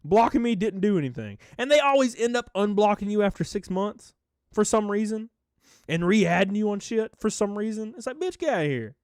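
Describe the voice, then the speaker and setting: A man's voice: sits high, a little fast, clear, resonant tone, no room sound, clean studio sound. A young man telling a dating story to his viewers in a casual, crude and brash way, full of fillers and asides. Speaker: vlogger.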